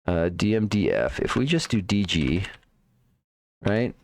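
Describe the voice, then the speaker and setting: A man's voice: low voice, very animated, measured pace, gravelly, a little mellow, slight background noise. A man streaming live, thinking aloud while debugging code, muttering to himself, trailing off and repeating words.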